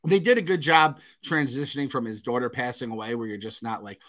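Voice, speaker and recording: A man's voice: medium pitch, a little fast. A man in his thirties co-hosting a podcast, chatting casually and animatedly, swearing freely and laughing through his stories. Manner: animated, profane, laughs while telling stories. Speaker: podcast co-host. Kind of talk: casual chat.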